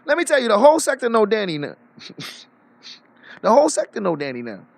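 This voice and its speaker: A man's voice: high-pitched, wildly swooping pitch, fairly quick, gravelly, no echo. A man ranting boastfully on a live stream, swearing freely and laughing often. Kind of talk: casual livestream rant.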